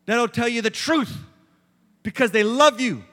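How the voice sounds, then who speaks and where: A man's voice: very high-pitched, unhurried, a bit bright. A middle-aged man preaching a sermon as lead pastor, emphatic and building in intensity, speaking in a church sanctuary. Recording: long reverb of a large hall.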